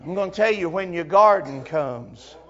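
A man preaching a sermon, telling a personal story, moving from hushed tones to crying out. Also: high-pitched, lively intonation, moderate pace, highs cut off. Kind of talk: emotional Southern sermon storytelling.

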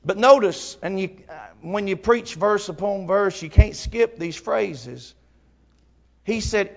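A man preaching a sermon, telling a personal story, moving from hushed tones to crying out. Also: high voice, expressive, slow, creaky, highs cut off. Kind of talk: emotional Southern sermon storytelling.

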